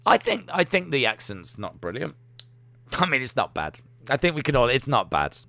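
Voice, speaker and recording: A man's voice: medium pitch, big pitch swings, normal speed, gravelly, sharp tone, no echo. A young man hosting a casual watch-along livestream, chatty and self-mocking as he reads out chat messages and makes jokey asides. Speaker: livestream host.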